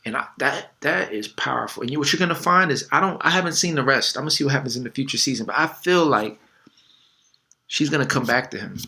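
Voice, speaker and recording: A man's voice: mid-range voice, fast, gravelly, bright, forceful tone. A man coaching on dating in a casual, conversational way, full of fillers and little acted quotes. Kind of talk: casual advice talk.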